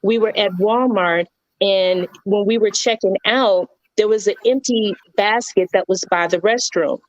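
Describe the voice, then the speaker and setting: A woman's voice: medium pitch, a little slow, no echo, highs cut off. A woman on a talk show earnestly telling a personal story in casual conversation, repeating words and using many fillers. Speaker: guest on radio talk show.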